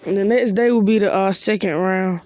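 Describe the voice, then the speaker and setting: Speaking at a moderate pace in a darkish mid-range voice with no echo, a casual fan makes up an anime what-if plot as he goes. The fan-fiction narration rambles and hesitates, loaded with slangy "you know" and "bro" asides.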